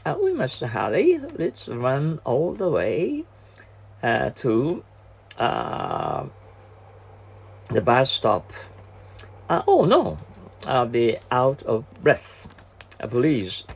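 Male English teacher, slow and halting, lively up-and-down delivery, lots of fillers. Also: medium pitch, creaky, slight background noise, poor audio. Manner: hesitant, frequent "uh" fillers and restarts. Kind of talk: reading example dialogues for an English lesson.

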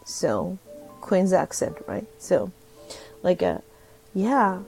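Japanese-accented woman host, casual chat, gravelly edge, faint music behind. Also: lowish voice, big pitch swings, very slow, a little mellow, rough recording. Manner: chatty, many fillers, switching between English and Japanese. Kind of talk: casual chat on a live audio app.

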